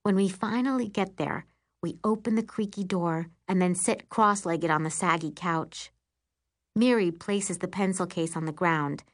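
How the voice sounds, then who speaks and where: Expressive woman reading an audiobook. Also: fairly low pitch. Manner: lively, expressive storytelling. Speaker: audiobook narrator. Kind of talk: first-person audiobook narration.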